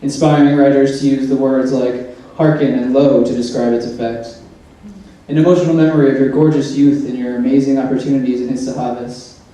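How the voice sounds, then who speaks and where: A man's voice: medium pitch, level tone, fairly quick, mellow. A man reading a humorous personal essay aloud, with wry, dry asides. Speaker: essay reader. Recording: echoey room, mic far off.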